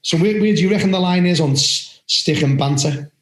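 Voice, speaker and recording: A man on a podcast, talking in a slightly high voice with lively, blunt storytelling. He swears casually. A roomy echo hangs around him. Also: a little fast. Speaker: referee podcast co-host.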